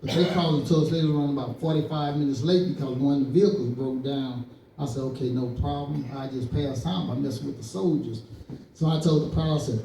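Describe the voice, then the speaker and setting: A man's voice: mid-range voice, fairly even intonation, fast, gravelly, dark tone, a little hiss or hum. Male stand-up comedian from East Saint Louis, storyteller who acts out quotes, recorded in an echoey club, mic at a distance. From East Saint Louis, Illinois. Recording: roomy club sound from a distance.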